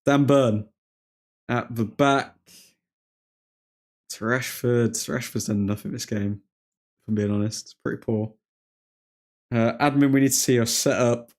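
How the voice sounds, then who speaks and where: A man's voice: mid-range voice, steady tone, unhurried, pauses often, a little mellow. A chatty man hosts a live football watchalong in a casual, rambling way. He laughs often, reads chat aloud and breaks off to call out the play. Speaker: streamer host.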